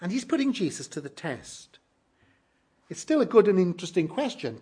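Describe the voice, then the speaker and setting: A man's voice: high-pitched, big pitch swings, moderate pace, darkish tone, breathy edge. A man preaching a sermon, reading scripture and pressing emphatic questions on the congregation. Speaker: pastor.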